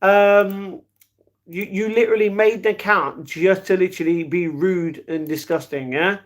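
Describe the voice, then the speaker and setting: A man's voice: sits high, steady tone, unhurried. A young man on a live stream, chatting casually with viewers and reading their comments aloud, calling them darling and mate.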